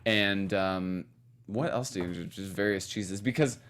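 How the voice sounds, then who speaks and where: A man's voice: low-pitched, normal speed, a bit bright. A man co-hosting a casual after-show, recapping an episode with campy, playful banter.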